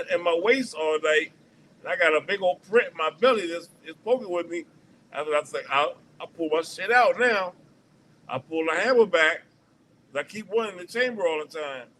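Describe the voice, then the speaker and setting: A man's voice: sits high, animated, fairly quick, a bit bright, slight background noise, low-quality recording. A man hosting a livestream, telling a long profane story in a rambling, casual way with lots of restarts. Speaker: stream host.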